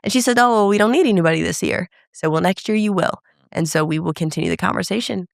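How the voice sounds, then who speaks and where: A woman's voice: fairly low pitch, quick pace, gravelly, no room sound, clean studio sound. A woman, an emcee and speaker, telling her career story as a guest in a podcast interview. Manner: animated storyteller who acts out quoted dialogue.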